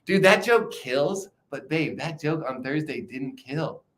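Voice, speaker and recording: A man's voice: fairly high pitch, expressive, unhurried. A young man chatting casually on a livestream, loose and profane, rambling with frequent restarts. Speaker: streamer.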